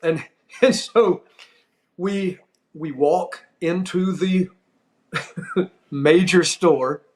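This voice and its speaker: A man, an older wrestling figure, telling a funny backstage story on his podcast, animated and laughing often. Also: sits high, extremely slow. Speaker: podcast host. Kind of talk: storytelling anecdote.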